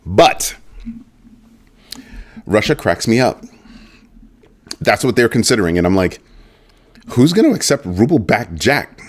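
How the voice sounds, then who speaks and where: A man's voice: on the low side, big pitch swings, measured pace, long pauses. A man hosting a crypto news livestream in a casual commentary style. He banters jokingly with viewers in the chat and keeps repeating the catchphrase "just saying.".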